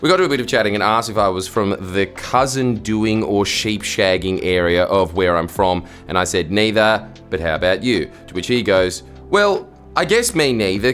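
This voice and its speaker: Wry Australian man, low voice. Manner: sarcastic, jokey, swings into loud squeaky outbursts. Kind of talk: reading and reacting to stories, casual commentary.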